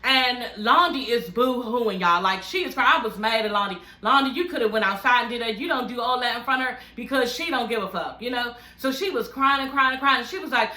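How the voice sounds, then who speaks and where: A woman with a bright, sharp voice, talking a little high, recaps reality TV in a brash and profane way. She tells it like gossip, all animated. The room around her is echoey. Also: a little fast, hardly any pauses. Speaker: recap vlogger. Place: living room.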